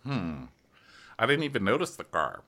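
Animated man with a lively, bright voice. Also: normal speed. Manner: animated, slips into exaggerated high voices when quoting people; swears freely, laughs along. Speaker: podcast co-host. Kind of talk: casual recap chat.

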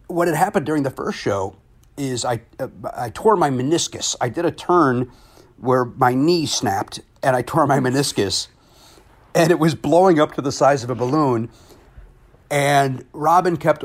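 Man telling a lively anecdote. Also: medium pitch. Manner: animated, self-deprecating anecdote telling. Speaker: comedian and game show host. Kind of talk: casual storytelling.

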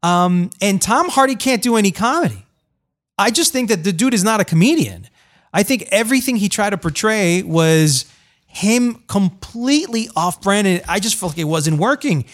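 A man giving a blunt, opinionated film review in casual chat, often repeating words as he starts a thought. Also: high-pitched. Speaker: film critic.

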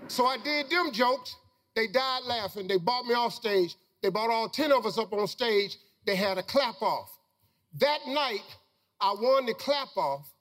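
Man with a very high-pitched storyteller voice. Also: fairly bright tone, long reverb tail. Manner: folksy, preacher-like storytelling with Southern Black vernacular. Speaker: motivational speaker. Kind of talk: storytelling talk to a live audience.

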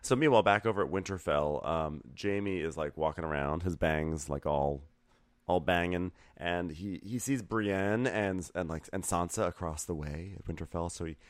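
A man co-hosting a casual recap show, rambling with lots of fillers and acting out quotes in a high put-on voice. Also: normal speed, no room sound. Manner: rambling, filler-heavy, acts out quotes in a falsetto. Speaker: podcast co-host.

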